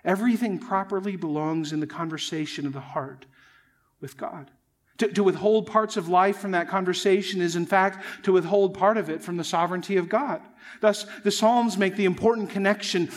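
High-voiced earnest male preacher. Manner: earnest, emphatic preaching, addresses listeners as friends. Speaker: pastor. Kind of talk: sermon.

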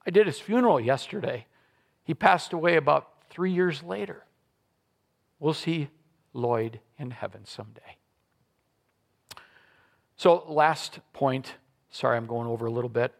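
A middle-aged man preaching a sermon to his church congregation, telling a personal story with lively acted-out voices and leading a prayer. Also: fairly high pitch, measured pace, vocal fry, pauses often. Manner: animated storytelling, acting out quoted voices. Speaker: pastor. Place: church service before a congregation.

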